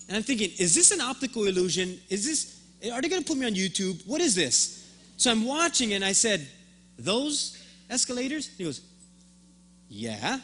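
A man's voice: sits high, a bit bright. A man preaching a sermon as pastor, telling a story and acting out both sides of the conversation, often repeating words as he starts a thought.

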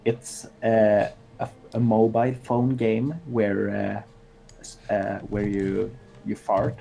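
A man's voice: lowish voice, completely flat delivery, takes it slowly, gravelly, warm tone, poor audio. A man chatting casually on a game dev stream, joking and laughing often, with many fillers. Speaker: streamer and indie game developer.

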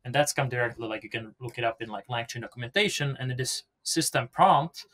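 A man's voice: medium pitch, a little fast, a bit bright. Man explaining tech in a podcast interview. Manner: explanatory, with loose, rambling phrasing. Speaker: podcast guest, software developer. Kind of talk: casual technical interview talk.

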